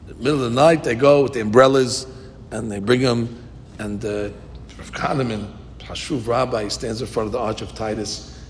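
A man teaching a Talmud class, moving between explanation and storytelling and lifting his voice whenever he quotes Hebrew verses. His voice sits at an ordinary middle pitch and carries a long reverb through a large hall, with a faint low rumble underneath. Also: fairly even intonation, moderate pace. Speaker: Torah teacher.

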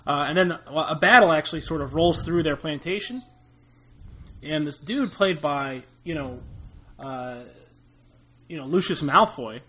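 A man's voice: fairly high pitch, a little slow, long pauses, bright, forceful tone, husky. A young American man co-hosting a podcast, chatting casually about movies with a rambling, jokey manner and frequent laughs. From United States. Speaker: podcast co-host.

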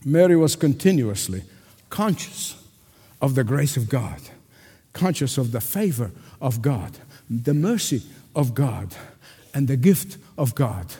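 A pastor preaching a sermon to a congregation, emphatic and insistent, often repeating a word for stress. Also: male voice, medium pitch, very animated, unhurried, warm tone, slightly rough. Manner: addresses the congregation directly. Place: church sanctuary before a congregation. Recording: long reverb of a large hall.

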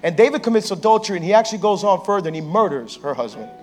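A pastor preaching a sermon on a church stage, telling a story playfully and acting out the people in it. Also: male voice, high-pitched, racing. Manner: lively, playful storyteller who acts out quotes.

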